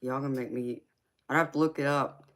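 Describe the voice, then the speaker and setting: A woman's voice: very deep voice, steady tone, brisk. A middle-aged woman from California with a Southern accent, chatting on a livestream and reading viewer comments, calling people honey and sweetheart and laughing often. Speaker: tarot reader and livestream host.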